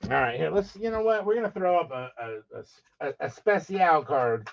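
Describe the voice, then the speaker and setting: A man's voice: fairly high pitch, lively intonation, normal speed, vocal fry, dull audio. A man hosting a live sports card auction stream, teasing his chat with profane jokes and calling out bids.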